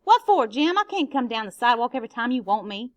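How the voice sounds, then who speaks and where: A woman's voice: on the high side, very animated, fast talker. A woman reading a novel aloud, giving a stern middle-aged housekeeper a raised, scolding voice.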